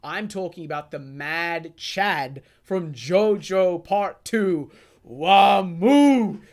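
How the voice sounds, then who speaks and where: A man co-hosting a casual podcast, chatting excitedly and acting out scenes in put-on voices over a remote call mic. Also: a little high, slow. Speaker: podcast co-host.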